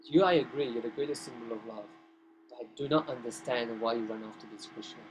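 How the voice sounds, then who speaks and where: A man voicing a disguised demigoddess, telling a story in a class, with a slightly raised pitch. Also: fast talker, slight background noise, close to an everyday voice, rough recording. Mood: scornful. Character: disguised demigoddess, sad then scornful, a woman.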